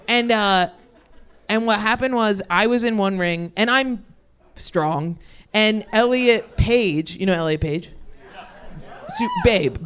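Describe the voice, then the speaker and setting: Young female stand-up, loose self-deprecating rambler, crude, mid-pitched voice, handheld mic. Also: clear, resonant tone. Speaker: stand-up comedian. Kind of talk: improvised stand-up set. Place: comedy club stage with live audience.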